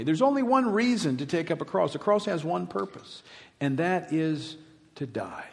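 A middle-aged pastor from Louisiana, preaching emphatically and swinging from loud declarations to hushed words. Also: male voice, a little high, big pitch swings, moderate pace, gravelly. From Louisiana, USA. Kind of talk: sermon. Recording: reverberant hall.

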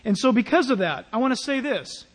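A male pastor preaching a sermon in a church, in a conversational, animated way with playful asides. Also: extremely high pitch, fairly quick, in a large hall.

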